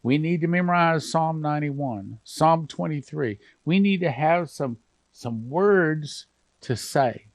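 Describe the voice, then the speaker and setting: A man's voice: a little high, lively intonation, slow, dry recording. A man pastor preaching fervently, at times emotional, on a broadcast program.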